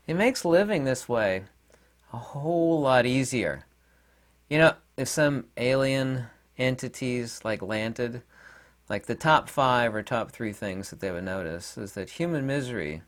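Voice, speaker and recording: A middle-aged man hosting his own video channel, telling rambling anecdotes in a blunt, opinionated casual monologue. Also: medium pitch. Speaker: video host.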